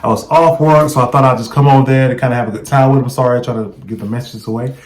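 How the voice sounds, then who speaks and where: A man's voice: medium pitch, steady tone, rapid-fire, low-quality recording. A man vlogging, recounting a story in a casual, conversational way and often checking in with the viewer. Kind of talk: casual first-person storytelling.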